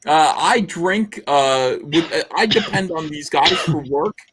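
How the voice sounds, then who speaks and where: A man's voice: a little high, animated, measured pace, a bit bright, husky. A man hosting a casual comics livestream, rambling and laughing as he tells stories. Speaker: livestream host. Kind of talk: casual chat.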